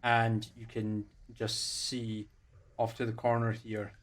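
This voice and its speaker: A man's voice: lowish voice, monotone, slow pace, slight background noise. A man narrating as game master over a voice call, loose and full of fillers.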